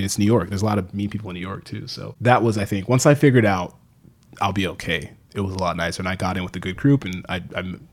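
Husky man telling stories casually. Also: deep voice. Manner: animated, swears freely, acts out quotes. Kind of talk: casual chat, storytelling.

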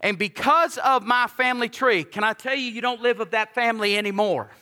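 Preaching a sermon briskly, a male pastor uses a high, bright, forceful voice in a lively, joking, conversational style. He repeats key lines to drive his points home, and the long reverb of a large church hall rings around him.

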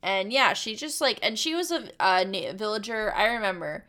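A woman's voice: mid-range voice, normal speed. A woman co-hosting a casual chat, rambling and swearing as she tells stories. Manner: rambling, profane, animated storytelling.

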